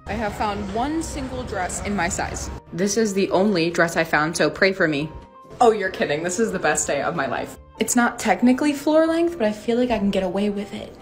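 A woman's voice: mid-range voice, expressive, a little fast. Young woman vlogging, chatty and wry, voice swings up and down a lot, faint music under it. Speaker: video creator. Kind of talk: casual vlog talk.

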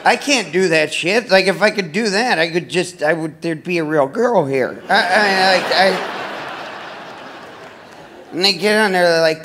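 A man's voice: high voice, a little slow, a bit bright, a little hiss or hum. A man doing a stand-up comedy set in a club, rambling and self-deprecating, full of fillers and restarts.

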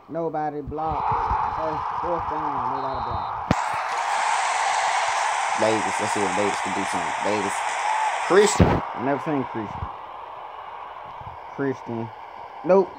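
A young man giving casual commentary while playing a mobile football game, swinging between loud outbursts and quiet muttering. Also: medium pitch. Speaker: mobile gaming YouTuber. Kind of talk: casual live gameplay commentary. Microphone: phone. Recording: loud background noise.

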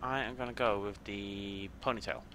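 A man's voice: on the low side, fairly even intonation, normal speed, a crowd in the background. A man commentating his gameplay in a chatty way, thinking aloud as he plays. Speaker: gaming YouTuber.

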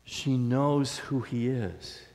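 A man's voice: mid-range voice, drawn-out words, darkish tone. Conversational male pastor in a reverberant church. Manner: conversational, storytelling. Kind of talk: sermon. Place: church sanctuary.

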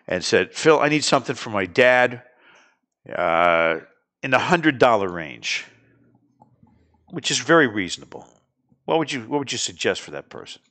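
A man hosting a casual chat, jokey and animated, laughing often. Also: mid-range voice. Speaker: radio show host.

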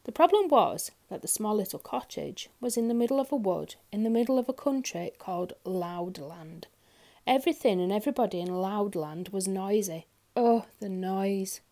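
A woman reading a children's picture book aloud, expressive and talking directly to young listeners. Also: mid-range voice, normal speed. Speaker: storyteller. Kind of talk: children's story read-aloud.

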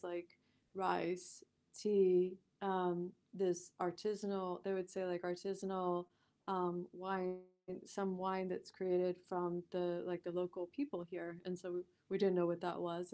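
Animated woman telling a story, laughing often. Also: fairly low pitch. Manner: animated, laughs often, lots of "like" and "you know". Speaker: podcast guest. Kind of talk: conversational storytelling.

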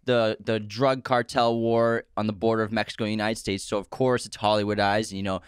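A man in easy, casual chat as a podcast co-host, keen and lively about what he likes. His voice is smooth and clean. The sound is dry and close. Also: on the low side, dry recording. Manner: enthusiastic, talks in quick bursts.

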